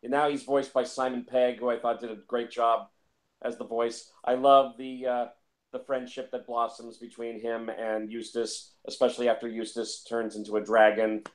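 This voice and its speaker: Man, casual film talk, rambling, restarts a lot, medium pitch. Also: little pitch movement, moderate pace. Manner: rambling, repeats words, many fillers. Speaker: film reviewer.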